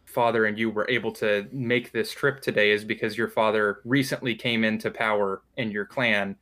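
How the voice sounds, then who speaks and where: A man's voice: lowish voice, steady tone, moderate pace, a bit bright. A man narrating a tabletop role-playing game as game master, in a loose, descriptive way with frequent fillers.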